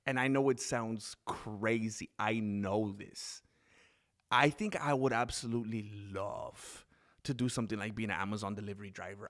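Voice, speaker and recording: A man's voice: fairly low pitch, steady tone, normal speed, a bit bright. Rambling male live-stream host. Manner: rambling, reads chat comments aloud, laughs often. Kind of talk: casual live-stream chat. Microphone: desk microphone with mixer.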